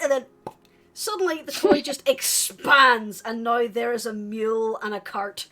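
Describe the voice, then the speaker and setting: A woman's voice: fairly high pitch, unhurried, pushed and bright. A woman narrating as game master of a tabletop game, giggling often and leaning on fillers. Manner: giggly, filler-heavy, hesitant.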